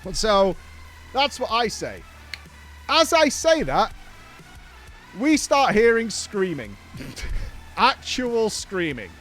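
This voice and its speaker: A man's voice: sits high, huge pitch swings, takes it slowly, pauses often, a bit bright, faint music behind. A middle-aged man, a podcast host, animatedly telling a story in a casual chat, swearing and laughing as he goes.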